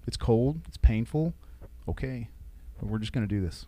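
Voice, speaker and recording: A man, a military veteran, telling stories in a casual interview, with halting restarts. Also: mid-range voice, expressive, warm tone, no room sound.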